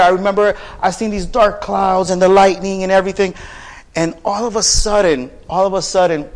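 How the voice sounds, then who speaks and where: A man preaching a sermon, telling a personal story softly and then rising into fervent preaching. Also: fairly high pitch. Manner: builds from soft storytelling to raised, fervent preaching.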